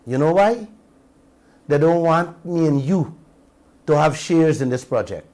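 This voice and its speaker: A man's voice: fairly high pitch, lively intonation, unhurried, a little mellow. A Guyanese man hosting a radio talk show, giving an impassioned commentary full of rhetorical questions to his listeners and slipping between standard English and creole.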